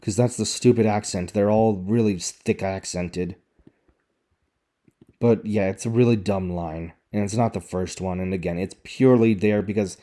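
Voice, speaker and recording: A man's voice: on the low side, fairly even intonation, normal speed, warm tone. A man giving sarcastic, exasperated commentary as he picks apart a show's dialogue. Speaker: video reviewer. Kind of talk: critical commentary on show dialogue.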